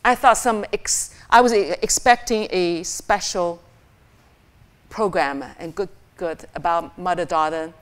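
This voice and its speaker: A woman's voice: on the low side, measured pace, clean tone. A middle-aged woman from China with a Chinese accent, an author telling stories to a forum audience and acting out the voices she quotes. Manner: animated, acts out quoted lines in a raised voice. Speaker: author and guest speaker. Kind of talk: storytelling at a public forum.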